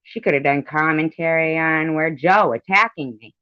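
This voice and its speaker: A man's voice: fairly high pitch, normal speed, clean tone, dry recording. A man delivering an angry, profane commentary rant, indignant and repetitive, on a dull lo-fi recording. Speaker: commentary vlogger. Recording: dull lo-fi sound.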